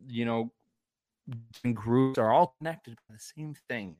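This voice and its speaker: A man talking casually as a co-host, rambling and restarting his thoughts as he goes. His voice sits at an ordinary middle pitch. The sound is dry and close, with no room around it. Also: slow, darkish tone, dry recording. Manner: rambling, many restarts and fillers. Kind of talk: casual chat.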